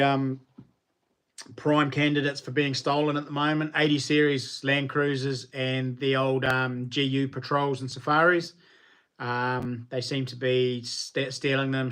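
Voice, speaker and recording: A relaxed New Zealand man chats on a livestream, answering viewers in loose, colloquial talk. His voice sits at a middling pitch, and the delivery is easygoing and full of fillers. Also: smooth. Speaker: knife maker hosting a livestream.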